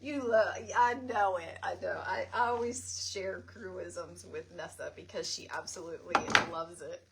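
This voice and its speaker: A woman's voice: a little slow, vocal fry, few pauses, crowd noise. Chatty woman on a livestream. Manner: chatty, laughs often, greets viewers by name; animated, jumps to high pitch when retelling stories. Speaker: craft livestream host. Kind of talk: casual live chat with viewers.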